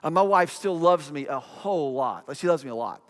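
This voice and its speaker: A man's voice: a little high, expressive, a little fast, a bit bright. Middle-aged male pastor, raised voice, conversational sermon, echoing hall reverb. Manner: conversational preaching with repeated phrases and acted quotes.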